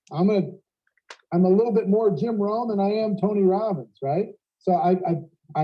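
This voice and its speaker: Man, high-pitched, energetic panel host, dull recording. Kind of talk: panel discussion coaching tips.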